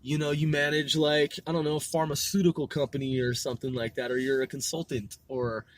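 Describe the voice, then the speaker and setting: A man's voice: fairly high pitch, little pitch movement, fairly quick, no echo. A man hosting a solo podcast, rambling loosely with lots of swearing, fillers and repeated words. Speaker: podcast host.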